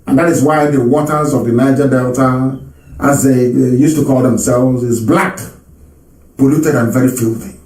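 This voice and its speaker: A man's voice: medium pitch, fairly even intonation, moderate pace, darkish tone, roomy sound. A man speaking on a live radio broadcast, emphatic, repeating his phrases and laughing often.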